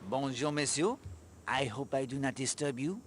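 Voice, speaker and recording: A man's voice: medium pitch, moderate pace, long reverb tail, background noise, lightly acted. Hercule Poirot, a man doing a formal detective. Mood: courteous. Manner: formal, courteous. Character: fastidious, polite adult male detective. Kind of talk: video game voice acting.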